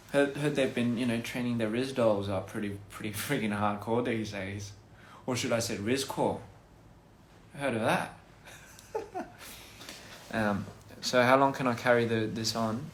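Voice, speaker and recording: A man's voice: medium pitch, fairly even intonation, unhurried, reverberant, a little hiss or hum. A man chatting casually on a phone livestream, rambling through goofy wordplay and laughing at his own jokes. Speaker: livestream host.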